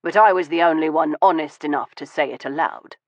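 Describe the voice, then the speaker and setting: A man voicing a wounded, weary Victorian gentleman who speaks in a low, measured and bitter way in an audiobook. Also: no room sound, close to an everyday voice. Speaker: audiobook voice of a male character. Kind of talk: audiobook dialogue reading. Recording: dull, dry studio audio.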